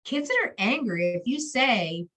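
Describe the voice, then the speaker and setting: A woman's voice: fairly high pitch, lively intonation, a little slow, fairly bright tone, rough recording. Woman counselor talking parents through anxiety. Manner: conversational, often checks in with "right?"; acts out a child's and a parent's words. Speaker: school counselor. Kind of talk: presentation to parents.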